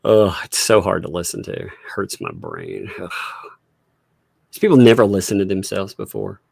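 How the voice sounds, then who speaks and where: A man's voice: low-pitched, huge pitch swings, normal speed, creaky, a little mellow, slightly rough. A man hosting a live stream, chatting casually with lots of fillers and frequent laughter. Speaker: livestream host.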